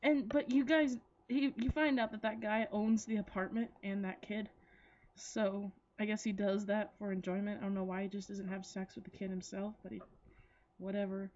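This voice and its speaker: A woman's voice: mid-range voice, level tone, normal speed, darkish tone, highs cut off. A woman rambling through a story in casual chat, giggling and swearing freely, full of likes and restarts. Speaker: anime reviewer. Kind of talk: casual chatty plot retelling.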